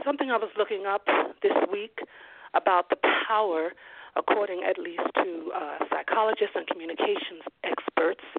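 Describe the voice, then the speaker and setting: A preacher delivering a sermon, slowly repeating key phrases for emphasis and dropping in frequent "glory to God" and "amen" interjections. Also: medium pitch, gravelly, slight background noise. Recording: dry, tinny phone-like sound.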